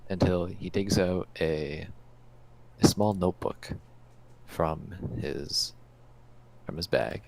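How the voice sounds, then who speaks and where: Deep, gravelly man describing his character. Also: a little mellow, a little hiss or hum. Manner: halting, hesitant. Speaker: player. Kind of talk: tabletop role-play.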